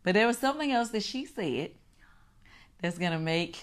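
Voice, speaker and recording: A middle-aged woman hosting a casual recap chat, animated and swearing, acting out her own reactions. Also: fairly low pitch, moderate pace. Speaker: show host.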